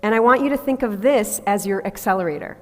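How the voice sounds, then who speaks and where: A woman's voice: mid-range voice, fast, long reverb tail. A woman voice coach teaching a workshop group about breathing, demonstrating sounds and asking the group to try them. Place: large hall with a live group.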